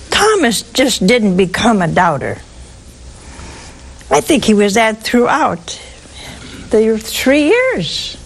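A fairly high-pitched woman delivers a sermon at an unhurried pace. Her voice has a gravelly texture, and her pitch leaps about expressively. She mixes humor into the teaching and keeps asking her listeners questions. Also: slight background noise, rough recording. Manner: animated, humorous storytelling with rhetorical questions. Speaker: preacher.

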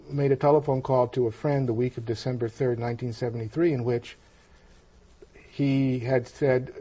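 Brief: man, husky, mellow voice, slightly high, halting personal testimony. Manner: slow, halting, with many pauses and restarts.

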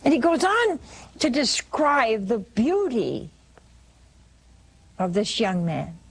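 Woman, religious storyteller, breathy, lively rising and falling pitch, unhurried. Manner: slow and expressive, sinking soft and low for hushed parts. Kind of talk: retelling a saint's dream vision.

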